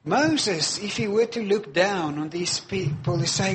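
A man's voice: high voice, unhurried, slight background noise. A man preaching a sermon, stressing and repeating key phrases for weight.

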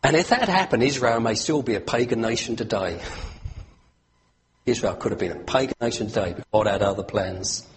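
A man's voice: fairly low pitch, moderate pace. A man preaching a sermon, retelling a scripture story with asides to his listeners and rising emphasis.

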